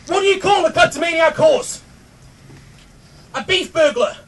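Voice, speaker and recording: A man's voice: very high-pitched, slow, slight background noise. A man emceeing a comedy night, telling bad jokes to a live audience, laughing at himself and swearing. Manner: self-mocking, laughing at own jokes, swearing. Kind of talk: stand-up joke telling. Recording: distant mic, loud crowd.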